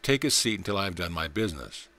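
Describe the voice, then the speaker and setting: A big, humble butcher from an old parable, plain-spoken and courteous, as a man reads his part. He speaks low and evenly. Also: lively intonation, fast talker, pushed and bright, heavily acted.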